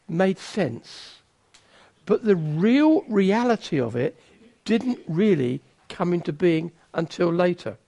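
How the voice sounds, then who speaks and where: A man's voice: high-pitched, a little mellow. A man preaching a sermon in a conversational way, with teasing, self-mocking asides.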